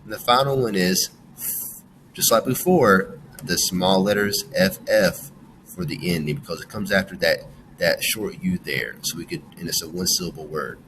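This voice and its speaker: With background noise behind him, a man whose voice sits low teaches children a phonics lesson. He goes slowly, sounding out each letter one at a time, guiding the class through every word and offering praise.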